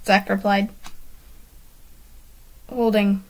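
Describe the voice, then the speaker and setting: A woman's voice: medium pitch, fairly even intonation, unhurried, poor audio. A woman casually reading her own handwritten story aloud, commenting and giggling between sentences.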